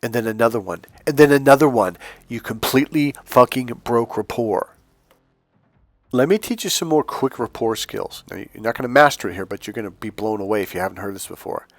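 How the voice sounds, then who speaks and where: A man's voice: on the low side, fairly quick, a bit bright, dry recording. A man coaching on dating in a casual, blunt monologue, swearing freely and acting out quoted voices. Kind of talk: casual direct-to-camera monologue.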